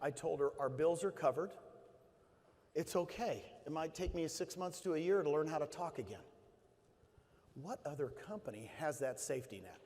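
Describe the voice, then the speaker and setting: A man's voice: a little high, lively intonation, moderate pace, darkish tone, slight background noise. Emphatic man speaking in a hall. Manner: storytelling, emphatic, repeats key phrases. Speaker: conference speaker. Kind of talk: motivational stage talk. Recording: hall reverb.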